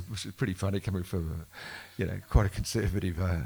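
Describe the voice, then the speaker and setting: A deep, husky man spins yarns in fairly even intonation at normal speed, his tone dark. He's a musician being interviewed in casual storytelling conversation at a bookshop event before a live audience, rambling, self-correcting and laughing often. It's a live event recording.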